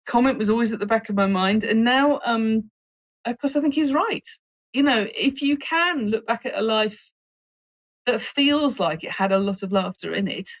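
A woman with a Northern English accent, a neuroscientist telling a personal story in an interview, reflective and given to restarts. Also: on the high side. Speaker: neuroscientist guest.

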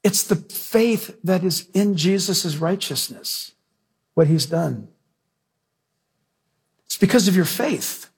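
A male preacher delivers a sermon in a high-pitched voice. His tone is husky and breathy, and he presses points home with emphasis and direct questions to the congregation. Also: slow, long pauses. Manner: emphatic, questions the audience, animated storytelling.

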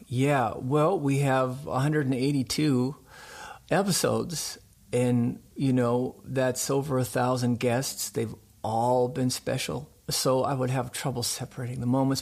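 A man from the United States who hosts a radio show, telling a story in an animated way during a radio interview. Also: mid-range voice, vocal fry. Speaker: show host.

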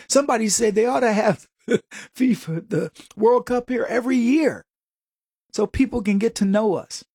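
A commentary host talks straight to the audience, animated and sarcastic, with a husky voice. The sound is dry and close, with no room around it. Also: medium pitch, moderate pace, no room sound. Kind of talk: conservative commentary monologue.

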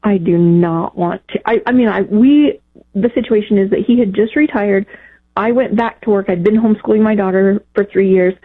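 Woman caller on a tinny phone line, emotional and halting, lots of ums. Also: medium pitch, husky. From Texas, United States. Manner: emotional, halting speech with fillers.

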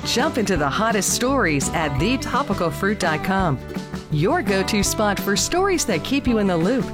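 A woman reads a podcast promo in a breezy way, her voice rising and falling a lot. A music bed sits clearly underneath. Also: medium pitch, sing-song, moderate pace.

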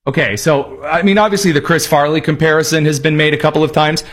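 A male political show host with a slightly high, husky voice, talking in a sarcastic, mocking way. He rambles through his points with offhand asides. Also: fairly even intonation, fast.

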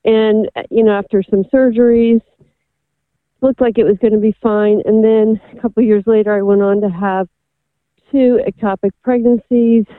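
A woman's voice: fairly high pitch, steady tone, moderate pace, no room sound. A middle-aged woman calling in to a radio show from California, speaking in a hesitant, emotional way. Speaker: caller. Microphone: phone. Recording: phone line.

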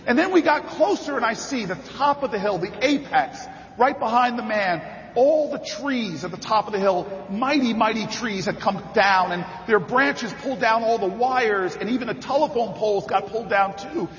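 A politician telling a story and building to rally cries in an impassioned campaign speech at a convention. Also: male voice, high voice, expressive, moderate pace, a bit bright. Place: large convention hall. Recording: reverberant hall, dull sound.

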